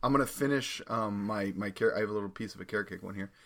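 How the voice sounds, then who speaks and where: A man's voice: lowish voice, fast, gravelly, fairly bright tone. A man co-hosting a casual snack review podcast, talking in a laid-back, rambling way with lots of fillers. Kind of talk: casual chat.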